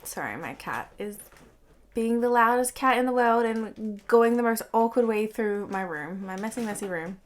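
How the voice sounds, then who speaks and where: A young woman chatting casually to camera in her bedroom as a beauty vlogger, sounding congested and croaky from illness and filling her talk with "like". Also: fairly high pitch, expressive, normal speed. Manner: chatty, fills speech with "like".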